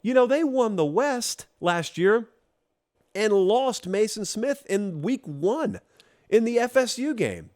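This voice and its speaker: A man from Georgia hosting a college football show, talking straight to the fans in a teasing, animated monologue. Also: high-pitched, slow pace. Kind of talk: casual opinion monologue.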